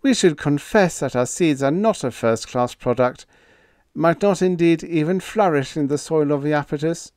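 A timid young spaceship officer in a sci-fi audiobook, his voice pitched well up and pushed a little loud, as a male narrator puts him on. He speaks blandly and hesitantly, stammering when flustered. The recording is close and dry. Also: moderate pace, no room sound, lightly acted. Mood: sorrowful. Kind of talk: audiobook character voice.

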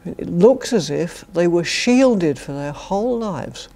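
Gravelly-voiced older British woman lecturing. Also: lowish voice, animated, slow pace, warm tone. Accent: British English. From Britain. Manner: wry, dry humour with chuckled asides. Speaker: philosophy professor giving a lecture. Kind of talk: academic lecture. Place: university lecture to a student society.

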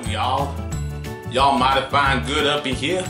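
A man's voice: medium pitch, fairly even intonation, slow, close to an everyday voice. A man voicing a brash Southern farm man in a put-on Southern American accent, folksy and drawling. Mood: boastful. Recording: roomy, faint music.

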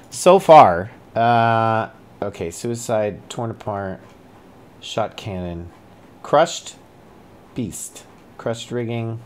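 A man's voice: fairly low pitch, slight background noise. A man streaming a video game, thinking aloud and puzzling over clues, with sudden startled outbursts. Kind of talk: casual gameplay commentary. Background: faint music.

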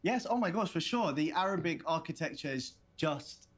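A man's voice: on the high side, expressive, normal speed. An actor playing a hesitant, polite young man on a video date, often stammering and restarting. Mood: eager. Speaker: player character on video dates.

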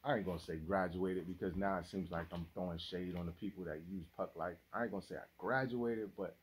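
A man's voice: low-pitched, breathy edge. A man hosting his toy collecting channel, talking in a chatty, slangy, casual vlog style. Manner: animated, chatty, slangy, laughs often. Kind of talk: casual unboxing vlog chat.

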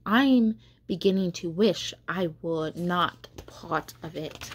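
A woman's voice: fairly low pitch, slow, slight background noise. A woman voicing a proud young male tree, anxious and pleading as he wonders aloud in a storybook. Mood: troubled.

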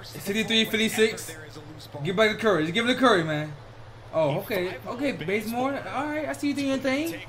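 A man with a notably high voice chats casually over game highlights. He's excitable and slangy, tossing in "bro" at every turn. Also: fairly quick, crowd noise. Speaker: reaction video host. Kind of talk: casual reaction commentary.

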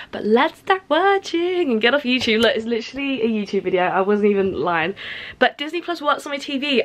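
Bubbly young woman, slightly high voice. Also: fairly bright tone. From United Kingdom. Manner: bubbly, gushing, peppered with "like" and "literally". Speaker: vlogger. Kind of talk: casual home vlog. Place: at home in front of the TV.

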